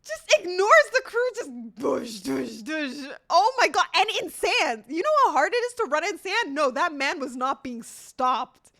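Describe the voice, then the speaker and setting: Twenties girl livestreaming, bright voice all over the place, swears a lot, laughs thru her stories. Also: very high-pitched, moderate pace. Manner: animated, laughing storytelling with swearing. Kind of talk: casual chat with viewers.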